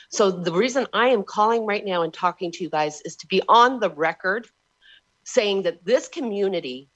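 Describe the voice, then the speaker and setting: A woman giving emotional, frustrated public testimony to a county board by remote call-in. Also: medium pitch. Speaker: public commenter. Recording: dull lo-fi remote audio.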